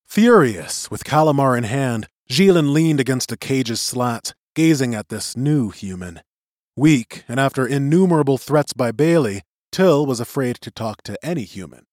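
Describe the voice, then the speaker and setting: A man narrating a chapter of a novel in an expressive storytelling voice. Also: mid-range voice, normal speed, no echo, clean studio sound. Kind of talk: audiobook narration.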